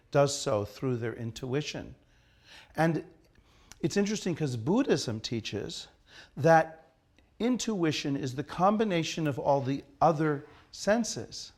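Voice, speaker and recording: A man's voice: a little high, a little mellow. A man teaching an acting class in a studio, asking his students questions and leading them through an exercise. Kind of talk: classroom lecture.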